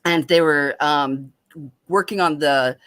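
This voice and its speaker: A woman with a lowish voice tells a personal story with lively, animated energy. Her delivery is casual and expressive. The sound is dry and close, with no room echo. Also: takes it slowly. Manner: lively, animated retelling with laughter. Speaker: open mic guest.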